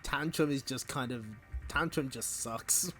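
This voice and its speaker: A man's voice: medium pitch, unhurried, a bit bright, soft background music. A man hosting a stream, giving wry, profane commentary while reading a comic aloud. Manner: wry, swears, laughs often. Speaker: streamer host. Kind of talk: casual comic read-along commentary.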